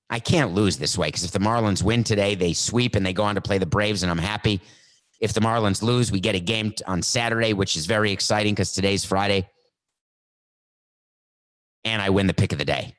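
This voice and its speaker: Worked-up male sports podcast host. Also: on the low side. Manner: animated, worked up, mock skits. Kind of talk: solo sports talk monologue.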